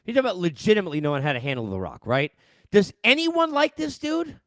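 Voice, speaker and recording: A man's voice: high-pitched, huge pitch swings, fast, fairly bright tone, no room sound. A middle-aged man from New York, a sports host, ranting casually into a headset mic with exasperated rhetorical questions.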